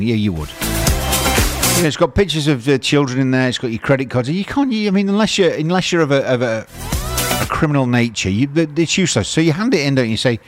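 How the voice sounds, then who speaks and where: A man's voice: medium pitch, sing-song, fast talker. An older man presenting on radio, rambling conversationally and throwing rhetorical questions at listeners. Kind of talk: chatty radio talk. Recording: music playing underneath.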